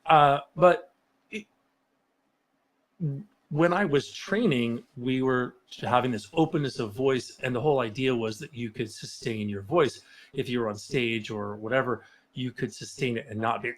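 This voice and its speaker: A man hosting a casual podcast as a martial arts instructor, with a loud, booming, theatrical voice and animated delivery on a close mic. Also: a little slow. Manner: animated, breaks into loud shouted impressions. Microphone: close studio mic.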